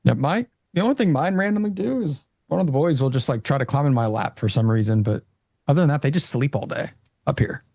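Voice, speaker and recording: A man's voice: medium pitch, animated, quick pace, creaky, a little mellow, dry recording, clean studio sound. A man on a live trading panel talking candidly about how he keeps busy as a full-time trader. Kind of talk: casual panel chat.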